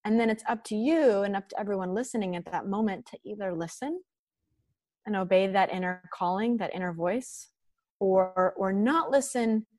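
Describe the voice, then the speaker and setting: A woman talks about listening to intuition in earnest, encouraging tones. Her voice sits at a middle pitch. The recording is close and dry, with no room sound. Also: darkish tone, no room sound. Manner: earnest, encouraging, spiritual wording. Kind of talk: reflective podcast conversation.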